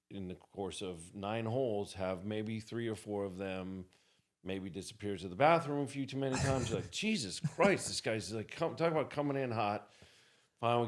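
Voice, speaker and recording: A man telling an anecdote as a podcast guest, animated and acting out the people in his story. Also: deep voice.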